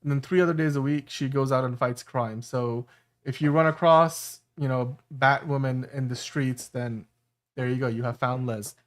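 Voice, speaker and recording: A man's voice: mid-range voice, fairly even intonation, normal speed. A man hosting a live-stream show, reading viewer comments in an easygoing way. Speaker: host. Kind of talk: casual live-stream chat.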